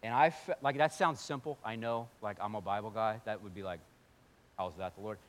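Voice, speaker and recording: A man preaching a sermon as pastor, telling his story in a swinging voice that drops to a hush and rises to near-yelling. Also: on the low side, expressive, fairly quick.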